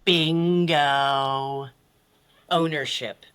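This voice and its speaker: Podcast guest, woman, middle-aged, candid and blunt, bright forceful tone, swears, voices others. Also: deep voice, steady tone, very slow, clean tone. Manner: blunt, swears freely, acts out quotes with big voices. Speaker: podcast guest, life coach. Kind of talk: candid personal story in conversation.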